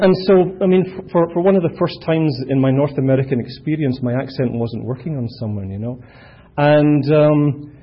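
A middle-aged Scottish man shares his story with a room, rambling and self-deprecating, full of ums and asides. His voice is husky and sits in a middle register. The recording sounds dull and lo-fi. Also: mid-range voice. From Scotland. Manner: chatty, self-deprecating, many fillers. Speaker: speaker at a recovery meeting. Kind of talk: personal testimony.

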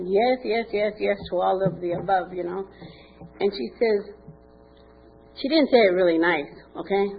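A woman's voice: mid-range voice, measured pace, creaky. An older woman telling her recovery story candidly at a meeting, acting out quoted dialogue. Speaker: speaker sharing at a recovery meeting. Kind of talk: personal testimony. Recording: tinny phone-like recording with faint noise.

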